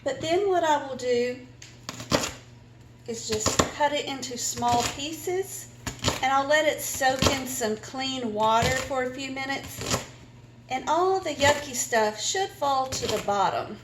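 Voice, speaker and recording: A woman's voice: high-pitched, takes it slowly, roomy sound, heavy background noise. A woman with a Southern US accent hosting a cooking vlog, chatty and folksy as she walks through a recipe in her home kitchen. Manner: chatty, folksy, self-deprecating. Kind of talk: casual cooking tutorial.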